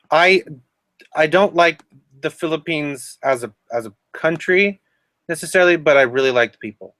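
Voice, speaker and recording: A man's voice: fairly high pitch, pushed and bright, no room sound. A man hosting a casual chat stream, joking and laughing often. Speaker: stream host. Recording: dry, dull lo-fi mic.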